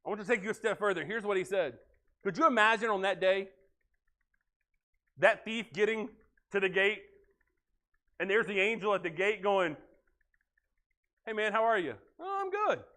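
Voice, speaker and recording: A male pastor preaching a sermon earnestly, swinging from loud to hushed. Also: high-pitched, normal speed, pauses often.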